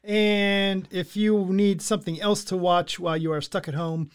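A podcast co-host chatting casually with a wry, deadpan humor. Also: mid-range voice, normal speed, clean tone. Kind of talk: casual chat.

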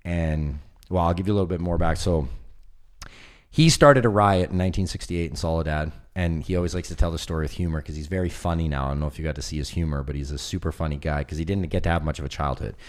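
A man with a very low, deep voice chatting casually. He tells long stories with lively energy and slips into the voices of the people he quotes. The talk is loose and conversational. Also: fast. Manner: animated storyteller, acts out quoted voices. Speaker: film producer guest. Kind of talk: casual chat.

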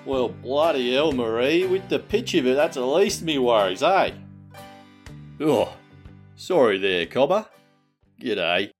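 A man's voice: medium pitch, animated, a little slow, pauses often, soft background music, voice pushed up, natural voice. A man playing a brash, boastful Australian bloke with a broad Australian accent in a comic podcast intro. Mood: cheeky. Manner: boastful and rough-spoken, full of slang.

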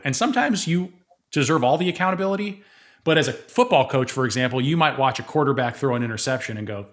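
A man's voice: medium pitch, fairly bright tone. A man hosting an interview, thinking aloud about an idea before asking his guest a question. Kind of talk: reflective conversation.

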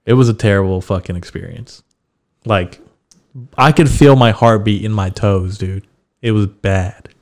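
A man's voice: on the low side, a little slow. A young man hosting a podcast, telling a story in a casual, laid-back way. He swears freely and laughs as he talks. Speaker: podcast host.

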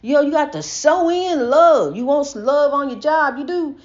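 A woman's voice: high-pitched, animated, normal speed, muffled recording. An older woman giving an impassioned, rambling spiritual monologue, repeating her points with emphasis. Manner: preachy, repetitive, emphatic, rambling.

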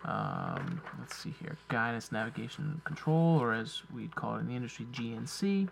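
A man with a gravelly, mid-pitched voice talks through technical points thoughtfully. Faint noise sits under the recording. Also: lively intonation. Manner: thoughtful, reads lists slowly. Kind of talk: casual conversational chat.

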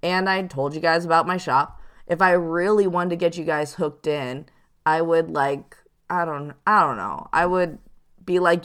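A woman giving casual advice to viewers as a psychic show host, chatty and animated, now and then acting out the people she warns about. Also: on the low side, a little slow, clean tone. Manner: chatty, animated, acts out quoted hustlers.

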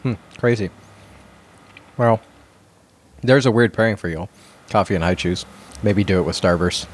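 A man's voice: fairly low pitch, normal speed. A man hosting a podcast, talking in an easygoing, rambling way with many fillers at a studio microphone. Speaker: podcast host. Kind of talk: casual chat.

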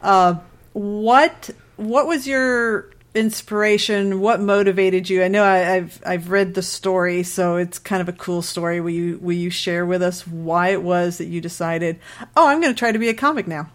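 A woman's voice: fairly low pitch, flat delivery, a little slow. Laughing woman podcast host. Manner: laughs often, asks questions. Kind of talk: casual interview chat.

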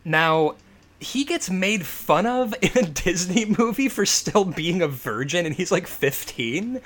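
A man's voice: high-pitched, measured pace. A man in casual, profane movie chat, telling stories with lots of energy and laughter. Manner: animated, profane, laughing storyteller. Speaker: podcast co-host.

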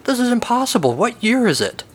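A man voicing a panicky grown cowboy in a storybook tale, with a shrill, whiny voice. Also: normal speed, a bit bright. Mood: panicked. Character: panicky grown male cowboy lost in the future.

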